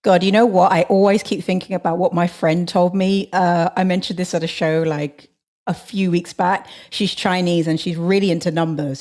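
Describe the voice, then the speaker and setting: A woman co-hosting a podcast, chatting casually and telling stories with quick asides. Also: fairly low pitch, darkish tone. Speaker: podcast co-host. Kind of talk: casual chat.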